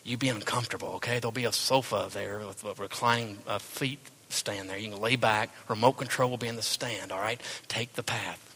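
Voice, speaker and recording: Silly comfy angel guy, a preacher hamming it up, bright and kinda husky. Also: fairly low pitch, steady tone, brisk, hardly any pauses, exaggerated voice. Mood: coaxing. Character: lazy comforting male angel giving cozy escape tips.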